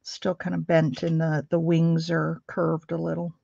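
A woman's voice: sits low, completely flat delivery, moderate pace, creaky, warm tone, no room sound, muffled recording. A middle-aged woman hosting a craft livestream, chatting with viewers in a chatty, rambling way and laughing easily. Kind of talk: casual chat with live viewers while crafting. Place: home craft room.

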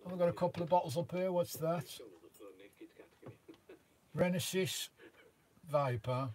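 An older man hosting a casual van life live stream, rambling warmly through viewer comments with lots of "uh" fillers, recorded inside his camper van. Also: on the high side, a little slow, a crowd in the background. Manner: chatty, rambling, frequent "uh" fillers, calls viewers mate and sugar. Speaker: vanlife live-stream host.

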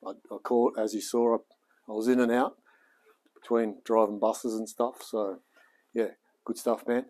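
A man's voice: fairly low pitch, flat delivery, moderate pace, a little mellow. An Australian man in his late forties chatting casually on his live stream, laid-back and rambling, with plenty of slang. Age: late 40s. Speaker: live-streaming home mechanic.

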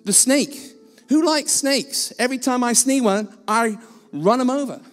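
A man's voice: extremely high pitch, unhurried, big-room sound, faint music behind. A man preaching a sermon as a guest speaker in a church, blunt and self-mocking in his delivery. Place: church hall.

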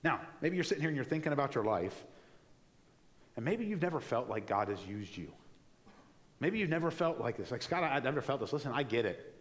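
A man preaching a sermon in a church in a conversational, animated way, acting out little asides as he goes. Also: mid-range voice, brisk, pauses often, in a large hall. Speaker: pastor. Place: church sanctuary.

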